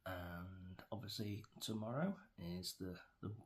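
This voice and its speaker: A man's voice: low voice, unhurried. A middle-aged man with an English accent, rambling through an opinionated vlog rant with many fillers and restarts. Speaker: vlogger.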